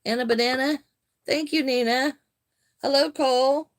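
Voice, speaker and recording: An older woman chatting casually on a crochet live stream, greeting viewers by name and answering their comments in a friendly, unhurried way. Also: high-pitched, fairly even intonation.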